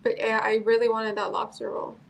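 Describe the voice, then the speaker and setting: A woman with a fairly high voice on an online voice chat, chatty and animated, filling her talk with "like". A faint noise sits under her voice. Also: fairly quick, vocal fry, poor audio. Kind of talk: casual chat.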